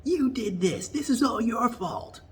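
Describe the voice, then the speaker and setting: A man doing an impression of a frantic, shrill woman politician who accuses and rants in a high, shrieking voice. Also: lively intonation, measured pace, slight background noise. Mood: accusing. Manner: high-pitched, shrieking, ranting.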